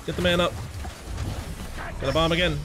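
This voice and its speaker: A man giving gameplay commentary, excitable and rambling, swearing often as he plays. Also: on the high side, moderate pace, background noise. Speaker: gaming channel host.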